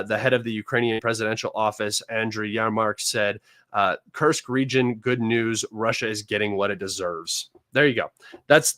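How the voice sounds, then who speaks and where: A man's voice: lowish voice, fairly bright tone, dry recording. A man hosting a live political commentary stream, reading news articles aloud and mocking them with scorn.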